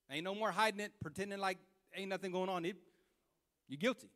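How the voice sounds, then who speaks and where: Male preacher, very high and bright, folksy and fervent, repeats himself and swells in volume. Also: fast talker. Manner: impassioned, repetitive preaching that builds to loud fervor; colloquial, with slips and restarts. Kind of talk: sermon.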